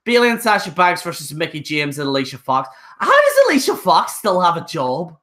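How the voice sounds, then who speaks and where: A man's voice: high voice, wildly swooping pitch, fairly quick, pushed and bright. A young man ranting casually on a live stream, blunt and rambling, with frequent restarts. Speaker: wrestling show reviewer.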